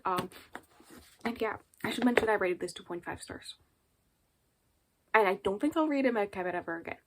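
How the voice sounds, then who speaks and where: A woman's voice: medium pitch, fairly bright tone. A woman in her twenties chatting casually in a book vlog, rambling with many fillers and little laughs, recorded at home into a camera in front of her. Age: 20s. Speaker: book vlogger. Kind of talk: casual chat.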